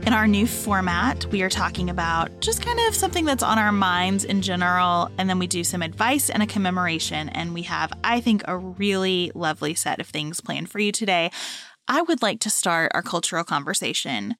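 A woman in her thirties co-hosting a podcast, telling a family story in an animated, chatty way. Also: lowish voice, a little fast, faint music behind. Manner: warm, animated storytelling with laughs. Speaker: podcast co-host.

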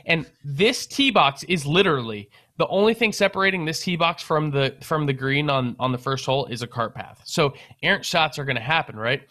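A young man with a bright, forceful voice tells a story in a loose, rambling way, full of swearing and filler words. His delivery is casual and animated, the tone of a podcast chat between friends. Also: fairly high pitch, fairly quick, hardly any pauses. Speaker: guest telling a story.

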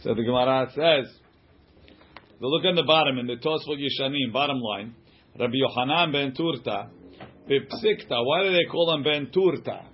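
A man's voice: medium pitch, moderate pace, slight background noise. A man teaching an informal text-study class, translating passages line by line in a conversational way. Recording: dull lo-fi recording.

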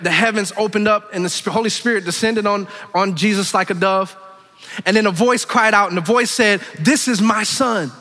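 A man preaching a sermon, swinging between loud impassioned calls and hushed, low asides. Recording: long echoing reverb of a big hall.

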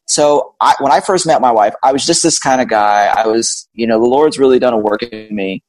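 A man in his forties, a guest telling a candid, animated personal story about meeting his wife. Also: mid-range voice, a little fast.

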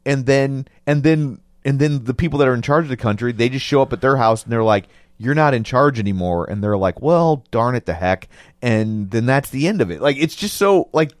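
A man's voice: mid-range voice, fairly quick, few pauses, no room sound, studio quality. A man joking wryly in a casual chat about a movie. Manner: wry, joking.

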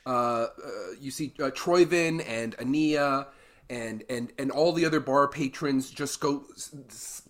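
Stammering man running a tabletop game. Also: mid-range voice. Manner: halting, stammering narration. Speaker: game master.

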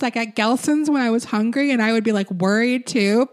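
A woman's voice: a little high, a little fast. Giggly woman reading listener emails. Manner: laughs often while reading aloud. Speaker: podcast co-host.

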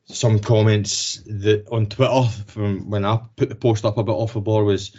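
Warm low-voiced Scottish man, podcast chat. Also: level tone, moderate pace. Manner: swears freely, frequent restarts and stressing of points. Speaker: podcast co-host. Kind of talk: casual football podcast chat. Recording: slightly dull lo-fi podcast audio.

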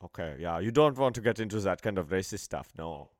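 A man's voice: sits low, expressive, fairly quick, no room sound, studio quality, pitched below the performer's own voice. A male podcast co-host voicing a dim, earnest male soccer goalkeeper with a German accent in a comedy sketch. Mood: sulky.

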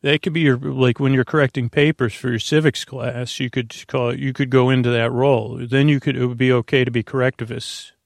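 A man's voice: mid-range voice, flat delivery, brisk, creaky, few pauses, no room sound, clean studio sound. A man hosting a podcast, rambling through a meandering bedtime monologue full of filler words and restarts, joking with an imaginary listener. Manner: silly, speaking to an imaginary listener. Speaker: podcast host.

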